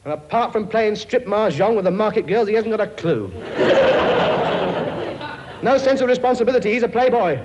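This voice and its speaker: A man's voice: high-pitched, expressive, normal speed, long pauses, muffled recording, noisy background. A brash, bossy king. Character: blustering cockney-style king, bossy father of many. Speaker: comic actor playing a king. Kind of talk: studio sketch comedy before an audience.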